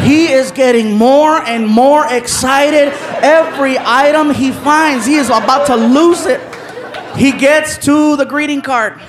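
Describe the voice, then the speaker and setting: A man doing stand-up comedy, telling a story with animated acted-out voices on a live stage. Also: extremely high pitch, unhurried. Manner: animated, acts out other characters' voices. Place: live comedy venue with audience. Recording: live stage recording with crowd noise.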